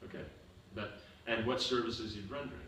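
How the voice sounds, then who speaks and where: A brisk man with a mid-range voice, steady tone and sharp edge runs a seminar Q&A lecture, answering questions. He explains by repeating examples and often asks "you understand?" The seminar room is echoey, he's far from the mic, and there's faint noise.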